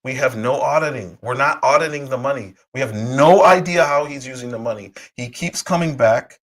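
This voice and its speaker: A man hosting a political commentary livestream, hoarse from a cold, talking heatedly with rhetorical questions and frequent restarts. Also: medium pitch, brisk, fairly bright tone, poor audio. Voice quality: husky. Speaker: livestream host.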